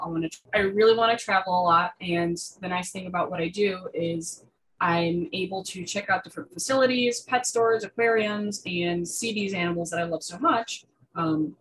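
Young female guest, lower voice, chatty, excitable, many "um"s and restarts. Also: poor audio. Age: young adult. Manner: chatty, full of fillers and restarts; enthusiastic about reptiles. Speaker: guest artist. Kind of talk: casual interview chat.

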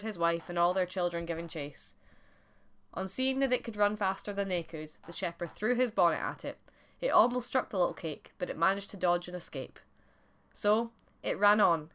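A woman narrating a folk tale for a podcast in a clear, expressive storytelling voice. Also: lowish voice.

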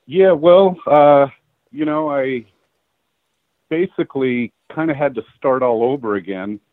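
A middle-aged male photographer tells stories from his career in a loose, animated way, full of "uh" and "you know." He voices the people in his stories. His voice is mid-pitched and comes over a dry, narrow, phone-like line. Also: a little slow, no echo. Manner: animated storyteller acting out quoted dialogue, laughing. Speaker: guest photographer. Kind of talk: casual storytelling interview.

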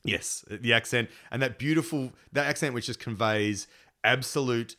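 A man's voice: medium pitch, normal speed. A man telling stories in casual chat, swearing freely and acting out what people said. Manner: animated storyteller, swears freely, acts out quotes. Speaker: musician guest.

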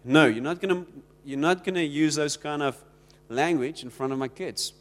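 A man's voice: on the high side, moderate pace, a bit bright, in a large hall. A South African man preaching a sermon in a conversational way, acting out the little exchanges he quotes. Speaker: pastor.

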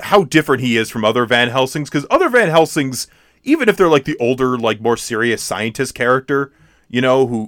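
A man in casual chat about films, opinionated, often restarting his sentences and doing loud mocking impressions. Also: medium pitch, no echo, studio quality. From United States.

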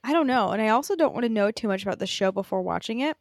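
A woman co-hosting a podcast, her voice a little higher than most. She talks in a hesitant, wry way, full of "you know"s. The sound is dry and close to the mic. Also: lively intonation, very fast, dry recording. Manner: hesitant, wry, filler-heavy. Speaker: podcast co-host. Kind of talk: casual chat.

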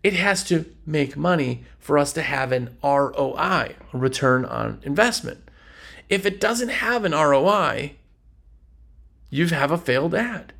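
A man hosting a podcast, giving casual business advice and acting out quick dialogues between customers and salespeople. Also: on the high side, gravelly, fairly bright tone. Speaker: podcast host.

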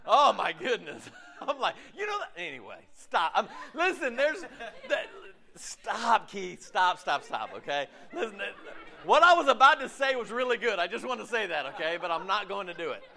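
This pastor's sermon comes in a high, creaky voice at a moderate pace. He's chatty and animated, performing the voices of people he quotes and chuckling at his own lines.

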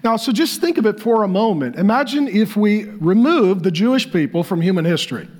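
A male pastor delivering a sermon, reading facts aloud and breaking into animated, joking asides. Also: sits high, brisk. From Irish descent.

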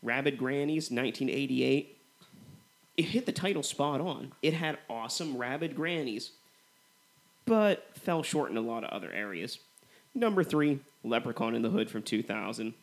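A man's voice: mid-range voice, normal speed, vocal fry. Male podcast co-host, mid voice, casual and chatty, heavy on fillers. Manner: relaxed, filler-heavy comparisons with "you know". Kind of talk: casual movie review chat.

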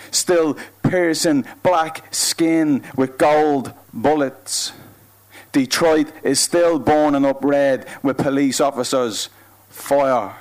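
A man with a Dublin accent performing spoken-word poetry live on a club stage, with a rhythmic, emphatic delivery that swings between loud and hushed. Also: a little high. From Ireland. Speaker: performance poet.

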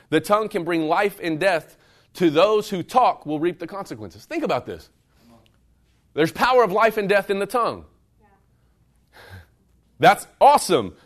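A pastor with a voice that sits high preaches to a live congregation in a church service room. Animated and conversational, he swings between loud, emphatic bursts and quieter, intimate passages, speaking directly to the room.

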